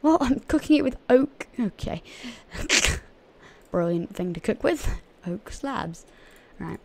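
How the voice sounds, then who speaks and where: A woman's voice: on the high side, lively intonation, slow, creaky, a little hiss or hum. A woman hosting a gaming channel, giving casual, chatty gameplay commentary to her viewers and often giggling.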